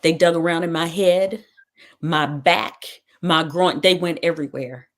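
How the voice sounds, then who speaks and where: Lowish-voiced woman telling a dramatic story. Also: fairly even intonation, a little slow. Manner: dramatic retelling with quoted dialogue. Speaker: talk show host. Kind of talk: personal testimony storytelling.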